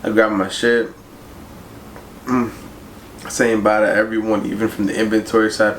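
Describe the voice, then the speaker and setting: A man's voice: lowish voice, level tone, moderate pace, pauses often. A young man telling a casual storytime about his job, slangy and profane, leaning on "bro" and "like". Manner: slangy, profane, laid-back, fillers like "bro" and "like". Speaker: vlogger. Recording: roomy echo with faint noise.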